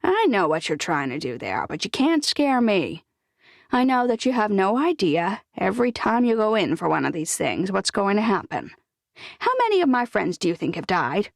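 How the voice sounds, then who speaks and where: A woman's voice: mid-range voice, sing-song, moderate pace, vocal fry, no echo, clean studio sound. A woman narrator voicing a stubborn, feisty older woman in a hospital bed who talks bluntly and teases. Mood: defiant. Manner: bossy, blunt, teasing.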